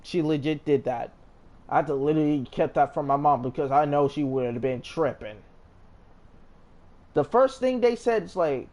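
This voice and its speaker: Animated rambling young man telling a story. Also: a little high, normal speed. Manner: rambling, animated, restarts sentences often. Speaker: storyteller vlogger. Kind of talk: casual storytime monologue.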